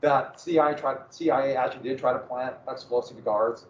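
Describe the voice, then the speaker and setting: Animated male lecturer in an echoey room. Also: medium pitch, brisk, slight background noise. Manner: animated, conversational, joking asides. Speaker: history lecturer. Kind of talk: classroom lecture. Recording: echoey room, dull lo-fi sound.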